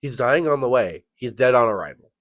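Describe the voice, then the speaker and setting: A man co-hosting a podcast, telling a profane, animated story and acting out the quotes. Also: medium pitch, a little fast, no echo. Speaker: podcast co-host. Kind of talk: casual storytelling.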